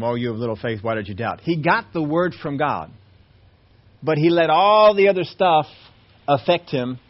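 A man preaching a sermon as pastor, swinging between hushed low passages and raised, emphatic lines. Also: highs cut off.

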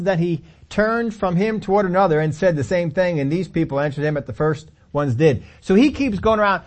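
A man's voice: high voice, fairly quick, few pauses. A middle-aged male pastor preaching a sermon, telling the story animatedly with acted-out quotes and chuckles.

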